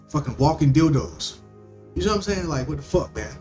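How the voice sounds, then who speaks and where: A man's voice: a little high, expressive, brisk, over music. Profane, rambling man ranting. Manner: rambling, stammering restarts, heavy cursing. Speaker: podcast host.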